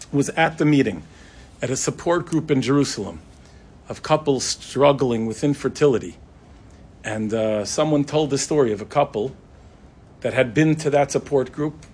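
Middle-aged rabbi spinning a story, husky voice, does all the voices. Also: male voice, a little high. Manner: animated, acts out dialogue in shifting voices. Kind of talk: storytelling talk.

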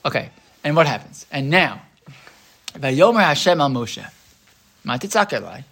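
A woman's voice: deep voice, normal speed. A woman teaching an interactive Torah class, telling stories and putting questions to the group. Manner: lively, storytelling, asks the group questions.

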